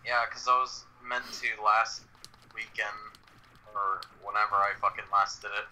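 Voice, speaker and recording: A man's voice: fairly low pitch, steady tone, unhurried, sharp tone, poor audio. A man chatting about games with friends over voice chat, dry and casually profane, faint noise behind him.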